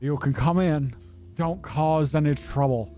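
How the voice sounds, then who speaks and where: A man voicing a gruff male bouncer as a shaky Hank Hill impression, drawling and slipping out of it. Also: on the high side, measured pace, dark tone, soft background music, lightly acted. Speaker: bouncer character voiced by a game streamer.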